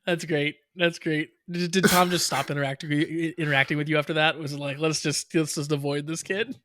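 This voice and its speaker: A man's voice: fairly high pitch, flat delivery, fairly quick, bright, forceful tone, no echo. A man co-hosting a podcast, who laughs often and teases his friend in casual chat. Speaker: podcast co-host.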